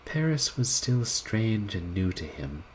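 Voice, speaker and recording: A man reading a classic short story aloud, in a deliberate, expressive manner, shifting his voice for the characters. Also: lowish voice, a little hiss or hum, low-quality recording.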